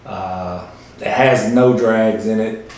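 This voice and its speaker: A man co-hosting a casual movie chat, excitable and swearing freely, full of fillers. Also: lowish voice, slow. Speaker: co-host. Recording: very echoey room.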